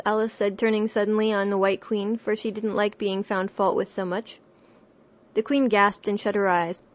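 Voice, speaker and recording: A woman narrating a classic children's book in a steady, clear reading voice. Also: mid-range voice, normal speed, muffled recording. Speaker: audiobook reader. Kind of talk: storybook narration.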